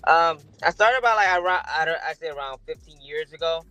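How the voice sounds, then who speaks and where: A man's voice: fairly high pitch, expressive, a little fast, sharp tone, no echo, rough recording. A sick middle-aged man, a dog breeder guest, chatting casually and rambling with many fillers. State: sick, chewing a lozenge. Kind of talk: casual podcast chat.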